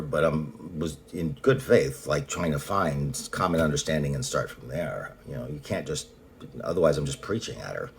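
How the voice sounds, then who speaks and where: A man's voice: extremely low pitch, slight background noise. A man talking in a casual personal monologue, rambling and blunt, often restarting sentences and swearing. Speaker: vlogger.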